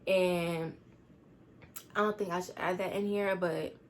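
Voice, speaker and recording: A teenage girl telling a storytime vlog, rushed and rambling as she tries to calm down. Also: on the low side, a little hiss or hum. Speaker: vlogger.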